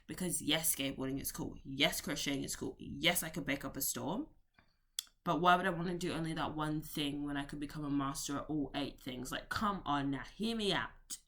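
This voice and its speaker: Her voice is deep and a bit bright. A young woman vlogging, she rambles casually from topic to topic, breaking off mid-thought and dropping in playful, slangy remarks.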